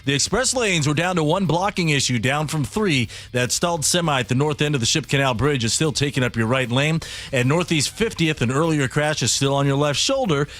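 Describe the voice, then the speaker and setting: A male traffic reporter reads out road conditions in a brisk, clipped announcer style. His voice sits a little high, and it is recorded close in a radio studio. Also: lively intonation, fairly bright tone.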